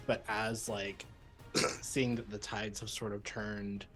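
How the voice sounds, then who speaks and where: Hesitant, low-voiced man playing a game. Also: level tone, fairly bright tone, faint music behind, poor audio. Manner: hesitant, halting, with throat clearing and fillers. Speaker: player. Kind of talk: describing a character's actions in a tabletop game.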